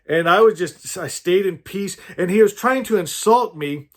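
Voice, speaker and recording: A man's voice: high voice, lively intonation, normal speed, fairly bright tone. A man giving an informal, earnest sermon, rambling through personal stories with frequent restarts and asides to his listeners. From California, USA. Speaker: spiritual teacher.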